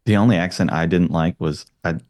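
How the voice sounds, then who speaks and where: A man guesting on a casual film podcast. He shares his opinions in an easy, relaxed way. His voice sits very low. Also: fairly quick.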